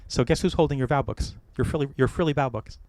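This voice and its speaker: American male wedding officiant, middle-aged, quick and dry-miked, playful advice-giver. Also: medium pitch, no echo. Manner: warm joking advice, gentle storytelling. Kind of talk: wedding ceremony address. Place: outdoor or hall wedding ceremony.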